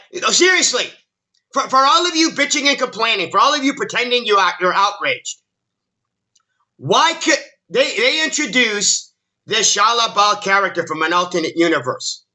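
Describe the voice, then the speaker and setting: A man rants in a fairly high voice with a hard, bright edge. He is sarcastic and exasperated, often stumbling over repeated words as he talks straight to his viewers. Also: rough recording. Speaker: commentary channel host. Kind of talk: ranting video commentary.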